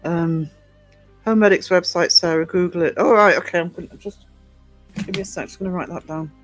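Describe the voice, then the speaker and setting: A man's voice: high voice, fairly even intonation, a little fast, soft background music. A man hosting a casual livestream, rambling through viewer comments with lots of ums and restarts. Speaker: livestream host and small publisher.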